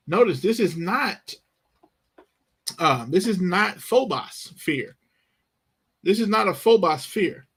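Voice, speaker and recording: A man with a high, husky, fairly bright and animated voice teaches Bible Greek, reading verses and explaining verb tenses. His delivery is slow, emphatic and dramatic, acting out the disciples' panic.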